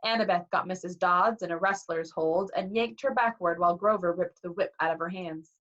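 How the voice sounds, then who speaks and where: A woman reading a novel aloud in a lively way, acting out the dialogue, on a dull lo-fi recording. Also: on the low side, a little fast. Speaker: reader.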